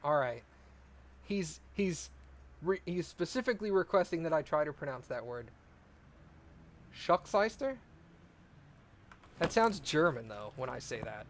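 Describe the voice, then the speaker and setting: A man's voice: fairly high pitch, normal speed. A man streaming a car repair game, chatting casually and joking with his viewers in a rambling way. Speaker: let's play streamer. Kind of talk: casual gameplay chat.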